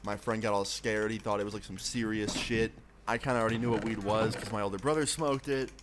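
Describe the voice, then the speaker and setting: A man's voice: fairly low pitch, fairly even intonation, fairly quick. Casual profane male streamer telling a story. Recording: noisy, with keyboard clicks.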